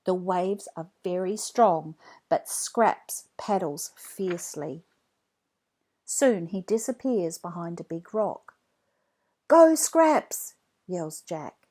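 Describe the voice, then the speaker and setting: A woman narrating a children's read-along storybook, slow, clear and expressive. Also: lowish voice. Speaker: storybook reader.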